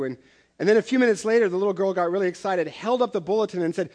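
A middle-aged pastor with a drawl delivers a sermon to his congregation. His voice sits high for a man, and he moves easily between light, joking stories and earnest teaching. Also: fast. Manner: conversational storytelling with humor.

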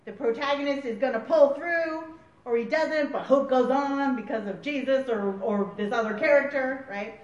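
A woman preaching a sermon, animated and often laughing as she acts out voices. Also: high voice, moderate pace. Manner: animated, laughing, acting out quotes. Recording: roomy, distant, dull recording.

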